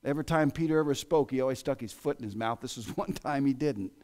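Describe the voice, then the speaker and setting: A man preaching a sermon in a church, with an American accent, swinging between loud exclamations and hushed asides. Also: mid-range voice, fast talker. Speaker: pastor. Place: church sanctuary.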